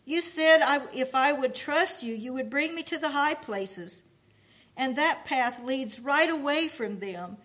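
A timid young woman pilgrim pleads in a high, slow voice, as a woman reads her lines aloud. Her words come out unhurried, distressed and on the edge of tears. The telling is storybook-like and plain. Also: animated, fairly bright tone. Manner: pleading, tearful.

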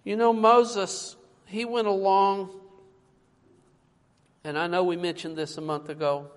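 A man's voice: high-pitched, little pitch movement, measured pace. A man preaching a sermon in a church, emphatic and fond of rhetorical questions, calling his listeners folks. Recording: long reverb from a large hall.

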